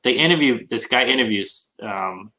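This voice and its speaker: A man's voice: mid-range voice, lively intonation, normal speed, sharp tone, rough recording. A man hosting a casual online hangout, chatting and explaining things loosely. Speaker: podcast host. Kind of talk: casual chat.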